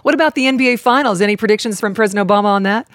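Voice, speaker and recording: Quick-talking woman interviewer. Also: mid-range voice, no echo, clean studio sound. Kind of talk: interview questions.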